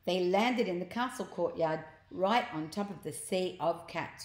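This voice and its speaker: In an echoey room, a woman slowly and carefully reads a children's storybook, pausing to explain words and pictures to young listeners. Her voice is a little low, animated, and a little mellow.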